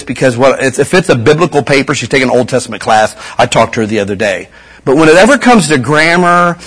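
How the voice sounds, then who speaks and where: A man's voice: mid-range voice, big pitch swings, a little fast, a bit bright, breathy edge. A middle-aged man giving a casual, folksy sermon as a pastor, full of slang and repeated asides.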